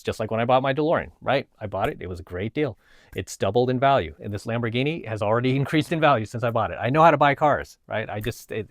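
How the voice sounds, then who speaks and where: A man's voice: medium pitch, no room sound, clean studio sound. A man, a coach and vlogger, telling a personal story in a casual monologue, emphatic and repeating himself. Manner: emphatic, repeats himself, asks "right?" often.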